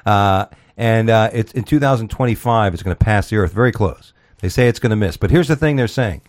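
A male talk radio host with a fairly low voice rambles through the news in a loose, profane way. He stumbles over words and laughs at his own jokes as he goes. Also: a little fast. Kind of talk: casual comedy talk radio. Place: Florida.

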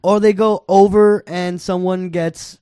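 A man's voice: sits high, level tone, a little slow, mellow, smooth, no echo, studio quality. A man in a casual group chat, giving blunt opinions with jokes mixed in.

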